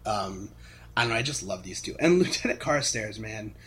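A man co-hosting a casual fan podcast, animated, laughing often as he retells scenes. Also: on the low side, normal speed, husky. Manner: animated, laughs often, acts out characters' lines. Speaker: podcast co-host.

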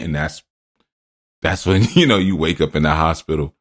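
A man's voice: low-pitched, fairly quick. A man hosting a spiritual teaching podcast, drifting into loose personal stories and laughing at himself.

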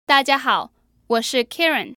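Female co-host with a Mandarin accent, higher voice, very slow deliberate delivery. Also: very animated, pushed and bright, dry recording, clean studio sound. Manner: slow, careful, exaggerated tones. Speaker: language lesson co-host. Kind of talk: pronunciation modeling.

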